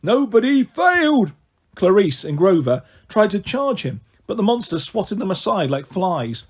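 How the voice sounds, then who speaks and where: A man reading a novel aloud in first person, with expressive, animated narration. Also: high-pitched, normal speed, breathy edge. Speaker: storyteller.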